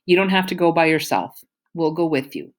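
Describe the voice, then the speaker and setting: A woman's voice: sits low, expressive, a little fast. A woman voicing a cheeky, sweet little boy in an audiobook reading.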